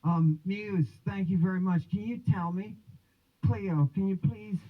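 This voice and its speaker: A man with a slightly high, husky voice hosts a livestream, lecturing in a loose, rambling way. He turns theatrical, drifting between musing and mocking asides. The sound is thin and boxy, as if over a phone line. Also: fairly even intonation, unhurried. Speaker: host of a religion and language livestream.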